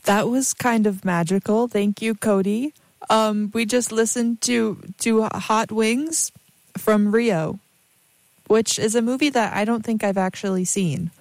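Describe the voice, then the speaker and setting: A woman's voice: fairly high pitch, fairly even intonation, unhurried, darkish tone, no room sound. A young woman hosting a casual radio show, chatting in a rambling way with many fillers and asides between songs. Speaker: radio host.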